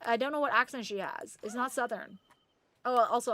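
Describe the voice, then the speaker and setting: A high-pitched, bright-voiced woman from Canada chats with her stream viewers while playing a game. She talks in an animated, loose way and swears freely. The sound is dry and close. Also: fairly quick, no echo. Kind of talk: casual gaming stream chat.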